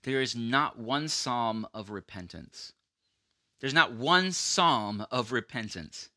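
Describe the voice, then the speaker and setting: A man delivers an earnest, conversational sermon, stumbling into restarts as he reaches for his point. His voice is strikingly bright and edged, and the recording is dry and close with no room sound. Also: mid-range voice, expressive, takes it slowly, dry recording. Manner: earnest, acts out quoted voices, frequent restarts. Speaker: preacher.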